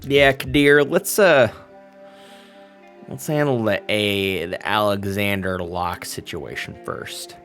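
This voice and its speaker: A man's voice: lowish voice, slow pace, a bit bright, soft background music. A man voicing a smug, menacing male vampire prince who drawls folksy, mock-friendly threats. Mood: playful.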